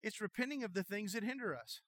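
A middle-aged man preaching a sermon as pastor, telling folksy jokey stories in an animated way. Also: high voice, fast, no room sound.

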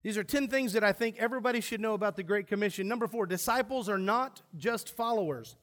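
A man's voice: sits high, fast, a bit bright. A pastor preaching a sermon to his church, emphatic, asking the congregation questions and answering them himself.

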